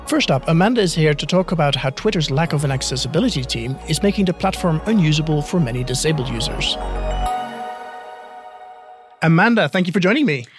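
A man hosting a podcast, reading a news roundup in a brisk way and then interviewing a colleague with dry quips. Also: on the high side, expressive, over music. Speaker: podcast host.

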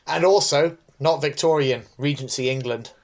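A man's voice: fairly high pitch, moderate pace. A man cohosting a casual podcast, answering with dry, wry remarks. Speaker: podcast co-host.

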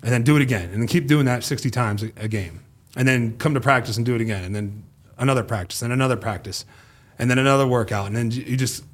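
A man's voice: mid-range voice, quick pace. A man in his thirties, a former pro football player and a podcast guest, telling stories in casual chat, acting out what people said and swearing freely. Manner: animated storyteller who acts out quoted speech, swears casually.

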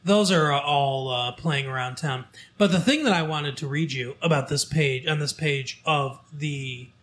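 A man hosting a local show, reading from a newspaper in casual chat, halting with fillers and restarts as he goes. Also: fairly high pitch, a bit bright.

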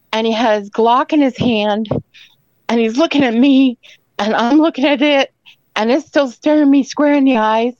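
A fairly high-voiced woman recounts her story in a rambling, emphatic way, pressing her points home as she goes. The sound is dull and lo-fi, and completely dry with no room around it. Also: a little mellow, no echo. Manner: rambling and emphatic, tags lines with "okay?". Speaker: caller telling an encounter story. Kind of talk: emotional first-person storytelling.

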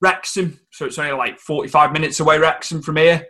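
A man chatting casually on a podcast in a relaxed, rambling way, with lots of restarts. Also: fairly high pitch, brisk. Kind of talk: casual chat.

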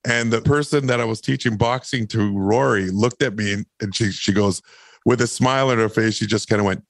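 A man, an actor and podcast guest, telling a long personal story in a lively, rambling way. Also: on the low side, fairly quick, gravelly, no echo. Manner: animated, rambling anecdotes. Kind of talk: casual storytelling.

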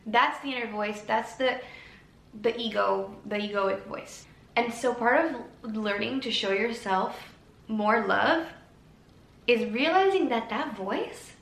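A woman speaking as a self-help podcaster in a gentle, encouraging monologue, slowing down to stretch key words. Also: a little high, gravelly. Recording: roomy with faint background noise.

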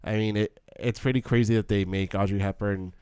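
Young male film-podcast co-host, smooth, low, rambling. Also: fairly even intonation, brisk, a little mellow, no echo, clean studio sound. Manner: rambling, self-interrupting rants. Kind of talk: casual film discussion.

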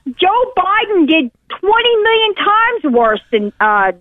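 High-voiced lady caller ranting, tinny phone line, kinda rambly. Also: sing-song, slow, no echo. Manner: exasperated, rambling, hesitant. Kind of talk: phone-in political rant.

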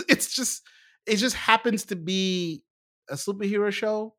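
Relaxed man giving opinions in casual chat. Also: high-pitched, unhurried. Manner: relaxed, stammers on restarts, opinionated. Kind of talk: casual chat about TV shows.

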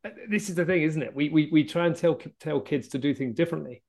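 A man's voice: on the high side, fast, vocal fry, darkish tone. A man hosting an interview podcast, affirming his guest and summing up points with rhetorical tag questions. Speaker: podcast host. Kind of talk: casual interview chat.

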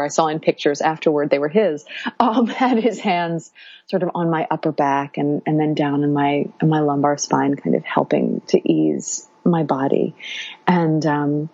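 A woman in her thirties, speaking in a low, slightly rough and somewhat mellow voice at normal speed, casually recounts her birth story as a guest in an interview. She meanders and uses many fillers. The recording is dry, with a dull lo-fi sound.

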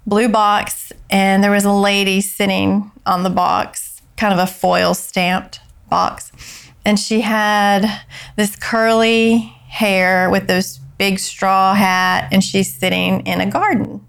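A woman guest on an interview show, slowly and softly telling a personal story, her voice dropping low and tearful when moved. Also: gravelly, clean tone.

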